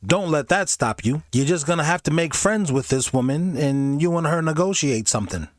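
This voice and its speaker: A man's voice: a little high, lively intonation, moderate pace, no room sound, studio quality. A man hosting a reaction video, giving blunt and mocking commentary on clips.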